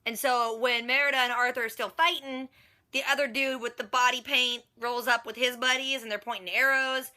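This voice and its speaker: A young woman with a high, very bright and sharp voice recaps a show in a loose, chatty way. She talks in slang and drops quick joking asides as she goes. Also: fairly even intonation. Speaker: vlogger recapping a TV episode. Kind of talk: casual reaction recap.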